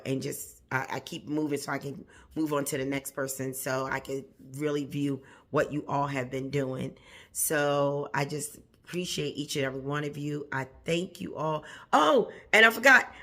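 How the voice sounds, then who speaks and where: A woman's voice: sits low, sharp tone. A woman who hosts a plant channel, talking casually and encouragingly to her viewers, repeating phrases for emphasis and chuckling often. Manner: chuckles often mid-sentence. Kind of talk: casual motivational talk to viewers.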